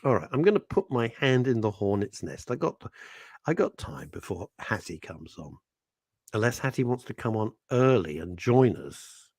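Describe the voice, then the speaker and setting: A man's voice: medium pitch, very animated, normal speed, no room sound, studio quality. A man hosting a radio show in casual, teasing chat, laughing often and reading out listener messages. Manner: playful, teasing, laughs often, reads out messages in put-on voices. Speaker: radio host. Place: radio studio.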